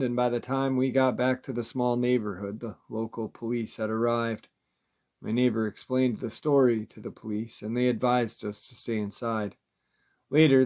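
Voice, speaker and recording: A man with a middle-pitched voice reads creature encounter stories aloud. His scripted narration stays steady and measured from line to line.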